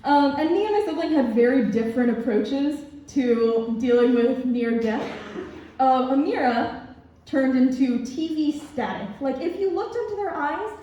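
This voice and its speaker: A young woman telling a stand-up story on a student club stage, with a high, mellow voice. She laughs at her own jokes and fills her pauses with ums. The recording is dull and heavily echoey, picked up from a distance. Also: expressive. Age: young adult. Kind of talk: stand-up comedy set.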